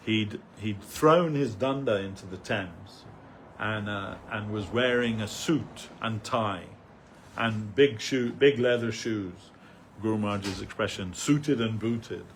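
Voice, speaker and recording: A man's voice: on the low side, slow, a bit bright, a little hiss or hum. An older man giving a rambling, anecdotal remembrance talk as a devotee speaker at a temple festival, with many fillers, restarts and chuckles.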